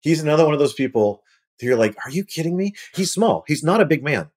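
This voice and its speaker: A man's voice: fairly high pitch, fast. A man spinning a casual, self-deprecating story about his own mishaps. He swears freely and jumps into the other people's voices as he tells it. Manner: animated storyteller acting out quoted voices; profane, self-mocking. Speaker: guest actor. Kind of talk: casual anecdote telling.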